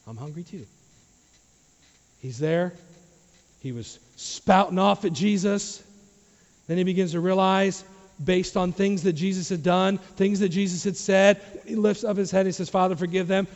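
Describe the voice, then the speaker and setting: Guy preaching in a church, fairly high voice, goes quiet then loud, big long echo, kinda dull sound. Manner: swings from low quiet asides to loud emphatic questions. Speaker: pastor. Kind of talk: sermon. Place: church sanctuary.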